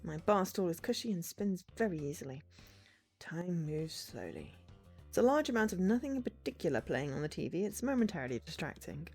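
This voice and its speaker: A woman streamer reading a story game aloud in an expressive, musing way, breaking off for quick asides. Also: on the low side, breathy edge, soft background music.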